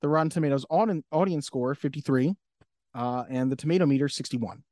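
Fast-talking man on a podcast. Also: medium pitch, darkish tone, dry recording, studio quality. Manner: laughs often, acts out quotes. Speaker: podcast co-host. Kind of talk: casual chat.

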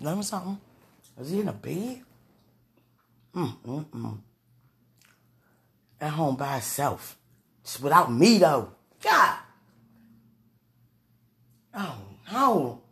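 Woman with a gravelly voice, giggly and gushing, for casual vlog talk and prayer. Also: low voice, animated, measured pace, pauses often. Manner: giggly, gushing, breathless exclamations.

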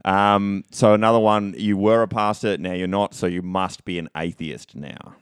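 A man co-hosting a casual podcast, laughing often and chiming in with quick agreement. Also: sits low, steady tone, clear, resonant tone, no room sound. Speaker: podcast co-host.

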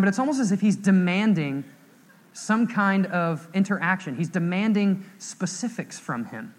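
Young man, sermon in church, fairly high voice, animated storytelling. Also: moderate pace, in a large hall. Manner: animated storytelling, acting out quoted scenes with raised voice. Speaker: pastor.

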